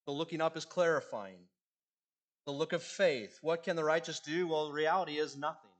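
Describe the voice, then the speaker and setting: Guy preaching a sermon, kinda higher voice, gets loud then drops way soft. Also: steady tone, moderate pace. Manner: earnest preaching, swinging between loud emphasis and hushed endings. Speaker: pastor.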